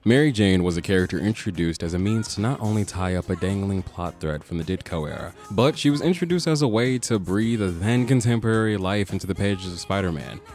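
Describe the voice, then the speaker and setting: A man's voice: on the low side, a little mellow. A young man hosting a comic book podcast, narrating a video essay in a casual, joking way with some swearing. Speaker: podcast host.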